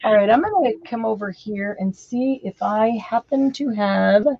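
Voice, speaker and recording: A woman's voice: medium pitch, lively intonation, moderate pace, creaky, no echo, dull audio. A woman hosting a casual craft stream, chatting and half-singing while she works. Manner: chatty, hums and half-sings a nursery tune. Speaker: craft show host.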